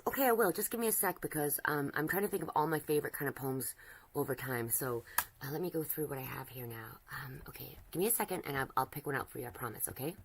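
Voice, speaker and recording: Drawing during a livestream, a woman with a deep bass voice chats flirtily with a chatbot, talking fast, wandering off topic and starting sentences over. There's a lot of background noise.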